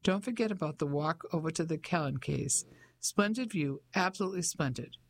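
A woman's voice: deep voice, animated, a little fast, a little hiss or hum. Pompous old colonel, clipped and blustery, as a woman narrator puts him on.

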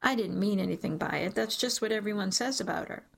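A woman's voice: mid-range voice, fast, creaky. A woman voicing a cocky, playful young man in an audiobook, talking in a casual, teasing way. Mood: sheepish. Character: young adult male prankster, cocky and playful.

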